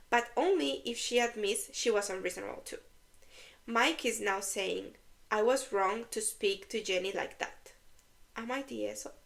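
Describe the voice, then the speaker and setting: Woman podcast host, fairly high voice, reads story posts aloud and pauses to explain terms. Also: a bit bright. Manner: reads aloud, breaks off to laugh and explain words. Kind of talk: reading and discussing online stories.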